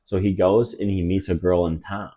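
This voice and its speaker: Deep-voiced young man rambling through a story. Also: steady tone, moderate pace, dark tone. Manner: rambling, many fillers and restarts, drops into mock voices for quotes. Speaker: podcast co-host. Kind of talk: casual storytelling chat.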